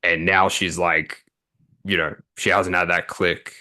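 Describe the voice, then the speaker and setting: A young man speaks in a low register with a bright, forceful edge. He explains dating advice casually, full of "like" and "you know.". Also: a little slow. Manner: relaxed, filler-heavy explaining. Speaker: dating coach. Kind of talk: casual interview talk.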